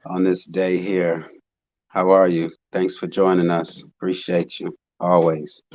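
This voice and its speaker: A man's voice: sits low, little pitch movement, unhurried, a little mellow, no room sound. A man hosting a casual live online panel chat, talking in a laid-back, musing way. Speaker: host. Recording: dull dry lo-fi online audio.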